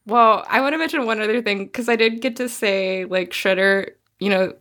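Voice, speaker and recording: A woman co-hosting a movie podcast, giggly and animated as she retells scenes. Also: mid-range voice, moderate pace. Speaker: podcast co-host. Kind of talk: casual chat.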